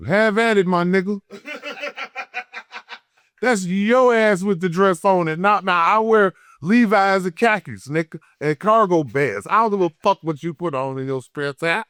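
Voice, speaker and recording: A man from Detroit with a Detroit accent, telling a story in an unfiltered, profane, heated way, swinging between loud and low. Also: a little slow, clear, resonant tone, no echo, studio quality. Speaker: guest. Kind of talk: unfiltered casual interview. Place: podcast studio.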